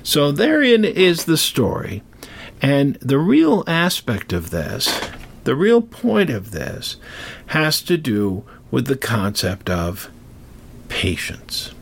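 Gravelly, animated male storyteller. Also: mid-range voice, slow pace, a little hiss or hum. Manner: digressive, animated, chatty asides. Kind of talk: casual spoken storytelling.

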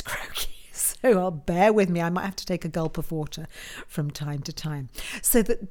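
A woman with a croaky voice after a flu, hosting a tarot and astrology live stream in a chatty, self-mocking way, often laughing at herself. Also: fairly low pitch, dark tone. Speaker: host of a tarot and astrology show. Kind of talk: casual live-stream chat.

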